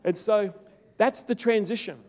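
A man preaching a sermon to a congregation, rising to loud, emphatic peaks and then dropping low and soft. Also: unhurried. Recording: long reverb of a large hall.

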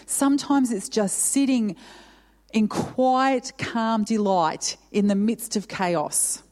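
A woman pastor preaches with earnest, emotional conviction, pressing her listeners with question after question. Her voice sits a little high and rings out with a long reverb in the church. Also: a little mellow. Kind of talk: sermon.

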